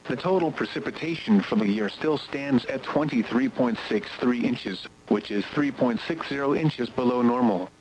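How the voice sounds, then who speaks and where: A synthetic male voice reading an automated weather radio broadcast, reciting numbers and forecasts in a steady, mechanical way. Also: mid-range voice, slight background noise, rough recording.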